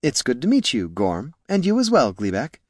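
A man voicing a soft-spoken, gentle young male scribe in a fantasy audiobook. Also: mid-range voice, wildly swooping pitch, moderate pace, dry recording, studio quality, pitched above the performer's own voice. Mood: mild. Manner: soft, mild.

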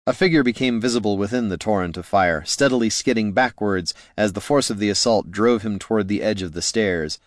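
A man reading a fantasy story aloud as an expressive, measured audiobook narrator. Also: lowish voice, no echo, clean studio sound. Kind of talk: scripted narration.

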